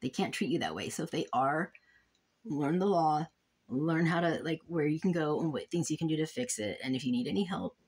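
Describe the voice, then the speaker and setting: A woman's voice: low-pitched, fairly quick, a little mellow, husky. A young woman in a casual vlog at home, reading out emails and complaints, frustrated and exasperated, trailing off and restarting. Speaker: vlogger.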